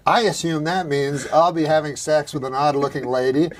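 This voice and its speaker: A man from Canada telling stories in a dry, deadpan way, using quaint, folksy phrases. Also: on the high side, normal speed. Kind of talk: casual chat, storytelling.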